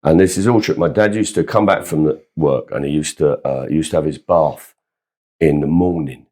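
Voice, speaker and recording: A man's voice: a bass voice, normal speed, dark tone. A man, a comedian guest telling funny anecdotes about his childhood and laughing along with his own stories. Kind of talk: anecdotal storytelling.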